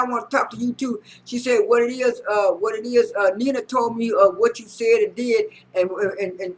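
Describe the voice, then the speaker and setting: A man recapping a reality show episode in a casual, halting way, with lots of repeated "and" and "uh" and frequent restarts. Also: high-pitched, a bit bright, rough recording. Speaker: recap vlogger.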